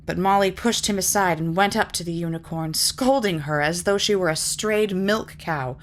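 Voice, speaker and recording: A woman reading a fantasy novel aloud in measured, lyrical narration. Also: lowish voice. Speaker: reader. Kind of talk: audiobook narration.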